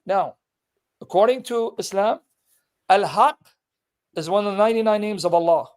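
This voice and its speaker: Insistent high-voiced man debating. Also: normal speed, pauses often. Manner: insistent, challenging, quotes verses emphatically. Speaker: Christian apologist debating a Muslim. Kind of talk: street debate, reading scripture aloud.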